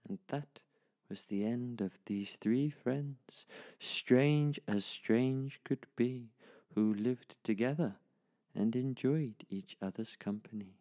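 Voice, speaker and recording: A man telling a traditional children's story in a slow, lively, sing-song way. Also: medium pitch.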